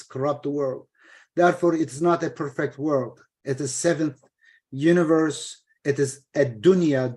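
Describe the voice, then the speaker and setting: A middle-aged man whose first language is Turkish, explaining scripture translation in an informal study session, halting with fillers and restarts. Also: on the high side, warm tone.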